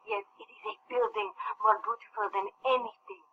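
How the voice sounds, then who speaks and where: An actress playing a meek, eager-to-please wife. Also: female voice, fairly high pitch, big pitch swings, moderate pace, slight background noise. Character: meek accented wife working a casino. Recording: thin phone-like film audio.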